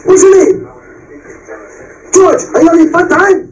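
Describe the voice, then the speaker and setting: A man's voice: very high voice, unhurried, far from the mic, rough recording. A man playing a boastful seminar guru who insults the crowd in broken English, heard from a stage recording. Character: brash boastful male real-estate seminar guru. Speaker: stand-up comedian.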